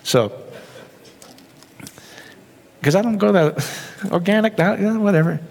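A man preaching a sermon, animated, often tossing rhetorical questions to the crowd. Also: high voice, a little slow, gravelly. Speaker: pastor. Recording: long hall reverb.

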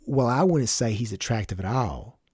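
A man's voice: medium pitch, expressive, moderate pace, a little mellow, breathy edge, no room sound, studio quality. A man voicing a young female cashier with a Southern US accent, overly cheery and then curt. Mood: gossipy.

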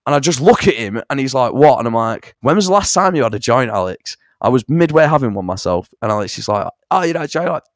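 A man's voice: mid-range voice, quick pace, hardly any pauses, no echo. Chatty young man, dry close sound. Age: young adult. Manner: animated storyteller, swears, fond of impressions. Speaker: songwriter and musician. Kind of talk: casual interview chat.

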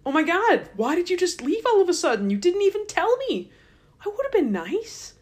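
A woman's voice: very high voice, very animated, moderate pace, darkish tone, voice pushed up. A woman voicing an indignant old father who whines and accuses, in a casual retelling.

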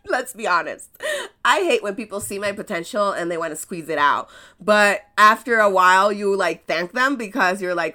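A woman's voice: medium pitch, lively intonation, normal speed, sharp tone. A woman with an American accent, a native Spanish speaker, hosting a podcast in a casual motivational monologue, telling stories with rhetorical questions and laughing at herself. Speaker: podcast host.

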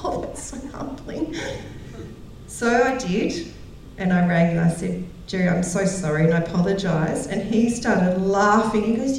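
Her mid-range, slightly mellow voice has lively intonation and a measured pace as this middle-aged woman delivers a sermon to a gathering of women. She tells stories, laughs a lot and mimics the people she quotes. The recording carries a little hiss or hum, with her voice distant in a very echoey hall.

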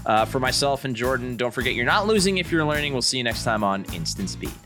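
A man's voice: mid-range voice, animated, fast talker, music in the background. A man hosting a podcast, chatting casually in a playful, jokey way. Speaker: podcast host.

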